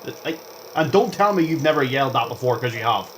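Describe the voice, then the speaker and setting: A young man talks over his own gameplay in a loose, rambling way, hopping from one topic to the next. He is chatty and excitable and reacts out loud to what happens on screen. His mid-pitched voice swings up and down with lots of expression. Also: fast, noisy background. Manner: excitable, reacts aloud to the game. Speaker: gaming vlogger.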